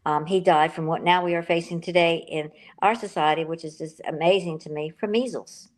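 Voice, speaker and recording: A woman's voice: low voice, steady tone, brisk. An older woman, an author being interviewed, talking in a rambling, emotional way and correcting herself as she goes. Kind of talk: casual interview talk.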